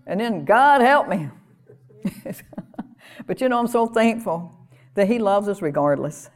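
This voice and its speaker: A woman's voice: mid-range voice, lively intonation, unhurried, a little mellow. A woman delivers a sermon in an earnest, conversational style. She talks to the congregation directly and repeats key phrases for emphasis. Her voice sits in a middle register. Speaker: preacher.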